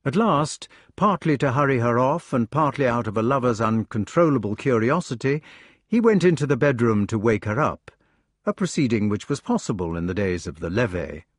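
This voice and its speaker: Male narrator for an audiobook, lively and expressive, dry booth sound. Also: mid-range voice, normal speed, dry recording. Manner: expressive storytelling. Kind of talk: scripted narration.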